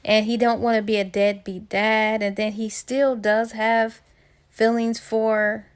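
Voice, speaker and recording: A woman's voice: on the high side, level tone, measured pace, clear, resonant tone. A woman casually retelling a book's plot in a chatty way, with fillers and restarts along the way. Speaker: book reviewer.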